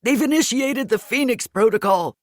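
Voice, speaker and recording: A woman's voice: fairly high pitch, animated, moderate pace, dry recording, clean studio sound, pitched above the performer's own voice, natural voice. Woman doing a whiny panicking male scientist. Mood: panicked. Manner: whiny and wheezing.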